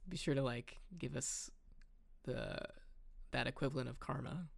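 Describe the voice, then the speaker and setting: A man's voice: medium pitch, normal speed, gravelly, no room sound, studio quality. A young man co-hosting a podcast, chatting casually with lots of fillers and laughter. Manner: laid-back, filler-heavy, laughs often. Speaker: podcast co-host. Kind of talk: casual chat.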